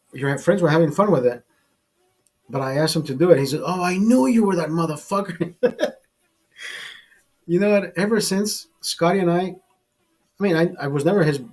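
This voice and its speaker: A man's voice: on the high side, animated, normal speed, pauses often. A man hosting a casual show, telling a rambling, profane story with many restarts and repeated words. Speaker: host.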